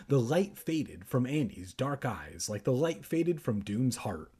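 A man's voice: medium pitch, sing-song, unhurried, few pauses, warm tone, husky. A man reading a children's horror book aloud for laughs, in a rambling, self-mocking and tipsy manner with jokey asides.

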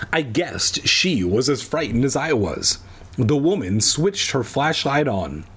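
A man's voice: mid-range voice, very animated, slow pace, fairly bright tone, husky. A man reading a children's book aloud and breaking off for wry, crude jokes. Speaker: reader.

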